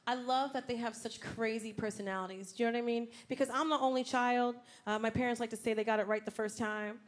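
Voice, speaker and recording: A woman doing stand-up, a mother joking in a sassy, profane, conversational way. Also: a little high. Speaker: stand-up comedian. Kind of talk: stand-up routine. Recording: loud background noise.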